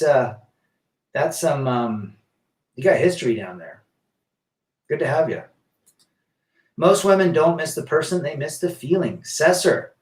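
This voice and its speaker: A man's voice: fairly high pitch, echoey room, far from the mic. A man hosting a casual live stream, reading viewer comments aloud and answering in a rambling, blunt way with many restarts.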